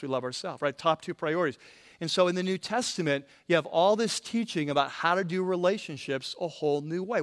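Man preaching in a conversational sermon. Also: on the high side. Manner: conversational preaching, frequent restarts. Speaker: pastor.

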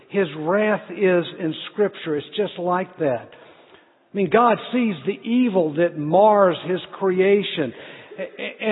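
A man's voice: high voice, husky. A middle-aged man preaching a sermon, telling a family story earnestly with small restarts. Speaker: pastor. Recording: tinny phone-like sound in a reverberant hall.

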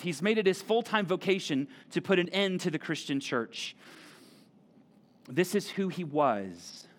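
A middle-aged pastor delivering a sermon in a church auditorium. He talks in a loose, conversational way and comes back to key words to drive them home. His voice sits a little higher than most men's. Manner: animated, conversational preaching with repeated phrases.

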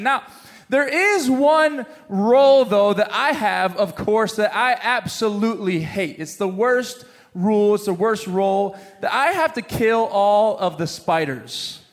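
A high-voiced man preaches in a big hall with long reverb, telling stories with plenty of jokes. He talks straight to his congregation and teases them. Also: unhurried. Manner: animated storyteller, jokes with the congregation. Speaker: pastor. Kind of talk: sermon with a humorous story.

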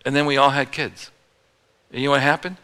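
Guy preaching in a big echoey hall, bright voice, jokes and acts out little quotes. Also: medium pitch, flat delivery, brisk, clean tone. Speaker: pastor. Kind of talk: sermon. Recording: long hall reverb.

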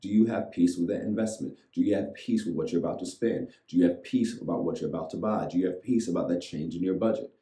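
Preaching to viewers online, a male pastor leads his audience in reciting lines back through rhythmic call-and-response. His voice is low and dark, and he speaks fast with few pauses. The recording is rough and roomy.

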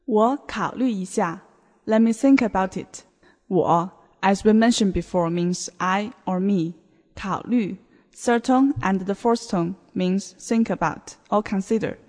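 A woman teaching a beginner language lesson on a podcast, explaining words in a slow, clear way. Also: medium pitch, darkish tone. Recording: long hall reverb.

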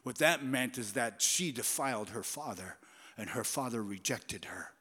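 Animated preacher with a bright, ringing voice. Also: male voice, mid-range voice, normal speed, husky. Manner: animated and conversational, swinging between loud and whispered. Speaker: pastor. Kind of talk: sermon. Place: church sanctuary. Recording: long church reverb.

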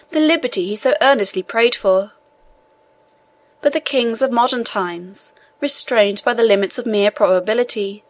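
Woman reading an audiobook in a measured voice. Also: medium pitch. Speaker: audiobook reader. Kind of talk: scripted narration.

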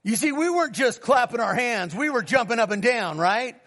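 A man's voice: animated, brisk. A middle-aged man, a pastor, telling a personal testimony in a sermon, acting out his conversations with God and calling to the congregation for responses. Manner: storytelling, acts out dialogue with God in a lower, quieter voice.

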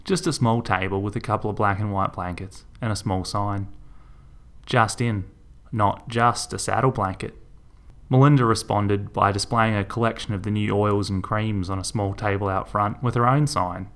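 A man narrating a story in a dry, steady manner. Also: fairly low pitch, brisk, few pauses.

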